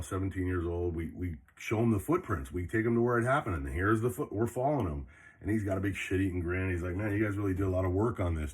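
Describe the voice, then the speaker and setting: Low husky older man telling stories. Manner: profane, rambling, blunt. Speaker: vlogger. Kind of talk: casual storytelling monologue.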